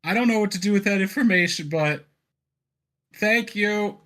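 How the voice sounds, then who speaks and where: A man voicing an excitable little girl with ruddy orange skin, in a breathless, high, giggly voice. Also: normal speed. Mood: giggling.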